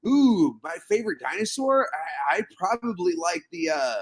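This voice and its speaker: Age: unknown. Sex: man. Role: podcast guest. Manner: profane and joking, with drawn-out exclamations. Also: high-pitched, big pitch swings. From Southern United States. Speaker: guest piercing artist. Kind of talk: casual podcast chat.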